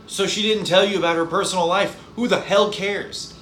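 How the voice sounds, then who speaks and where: A man's voice: sits high, steady tone, moderate pace, fairly bright tone. A man ranting casually in a movie review vlog, exasperated and rambling, often repeating his words. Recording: echoey room, faint background hiss.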